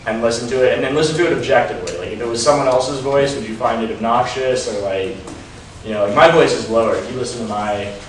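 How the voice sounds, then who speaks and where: A man teaching a seminar in a relaxed, casual way, with lots of ums and likes. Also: mid-range voice, fast, a little hiss or hum. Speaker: dating coach. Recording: roomy echo, mic far off.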